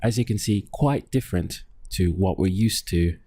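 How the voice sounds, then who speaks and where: A man teaching a language lesson, patiently quizzing the listener and saying each word slowly for them to repeat. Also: low-pitched, warm tone, dry recording. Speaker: Spanish teacher. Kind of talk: slow, deliberate language lesson.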